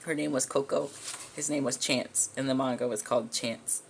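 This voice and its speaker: Self-mocking woman vlogger, deep, fry-heavy voice. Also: steady tone, moderate pace, a little hiss or hum. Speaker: vlogger and artist. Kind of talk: casual commentary on old drawings.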